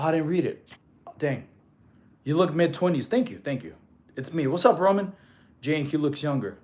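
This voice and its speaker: Guy in his 30s streaming, reading chat out loud, chill bro-ish fitness coach vibe, voice sits a bit high. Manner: laid-back, reads chat aloud, calls people bro.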